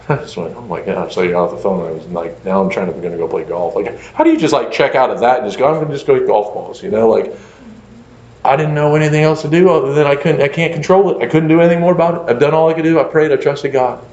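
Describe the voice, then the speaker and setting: A man, a pastor, telling a story in a conversational lecture, animated and full of fillers like "like" and "you know". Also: mid-range voice. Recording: echoey room, dull lo-fi sound.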